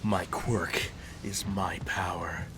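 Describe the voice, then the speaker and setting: A man voicing a broody teen boy hero in a low, flat monotone. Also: slow pace, background noise. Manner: low monotone mock delivery.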